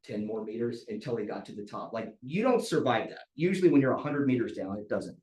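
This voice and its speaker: A man runs a training talk at a team meeting, chatty and anecdotal, sometimes lifting or dropping his voice to show inflection. His voice sits at an ordinary pitch for a man. The room echoes around him. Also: very animated, brisk, darkish tone. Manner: conversational storyteller who demonstrates vocal inflection. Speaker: real estate team trainer. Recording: roomy echo.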